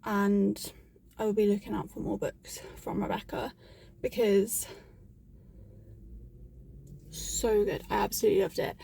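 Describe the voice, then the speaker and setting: A woman's voice: medium pitch, steady tone, a little slow, vocal fry, long pauses, dark tone, a little hiss or hum. A woman book vlogger talking in a casual, chatty and rambling way, with frequent "like", into a phone she holds. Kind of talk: casual vlog chat.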